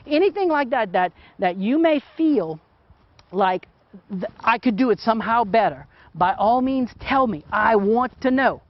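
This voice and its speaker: A man's voice: sits high, animated, moderate pace, no echo. A middle-aged man teaching photography while he works, talking casually and often checking in with "okay?". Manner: chatty, keeps asking "okay?". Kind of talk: hands-on teaching demo. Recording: dull, muffled sound.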